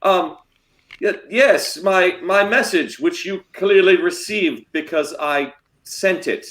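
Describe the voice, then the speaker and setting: A man's voice: high voice, takes it slowly, fairly bright tone, roomy sound. A man playing in a tabletop game, speaking in character and stammering in a flustered way. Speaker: player. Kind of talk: in-character role-play.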